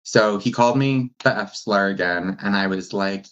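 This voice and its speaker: Man, 30s, from New Jersey, podcast guest, casual storytelling, animated, laughing, muffled lo-fi audio. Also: moderate pace, hardly any pauses. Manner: animated, laughs often, acts out quotes in a higher voice. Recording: dull lo-fi sound.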